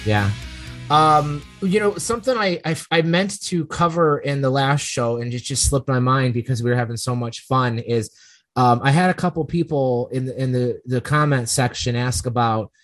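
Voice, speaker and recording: A man hosts a laid-back podcast at a medium pitch and ordinary speed, wandering through his stories and frequently correcting himself mid-thought. The recording has no room echo, though faint music plays in the background.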